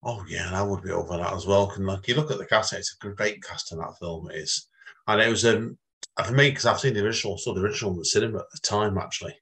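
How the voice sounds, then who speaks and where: A man's voice: sits low, fast talker, a bit bright. A man hosting an interview, asking questions in a rambling, repetitive way. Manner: rambling, repeats himself, many restarts. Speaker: interview host. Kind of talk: casual interview chat.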